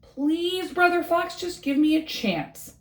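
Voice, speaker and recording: A woman's voice: high-pitched, big pitch swings, normal speed, echoey room. A woman voicing a shy young male frog who stammers and dreams of singing, in a storybook reading. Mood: pleading. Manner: stammering, hesitant.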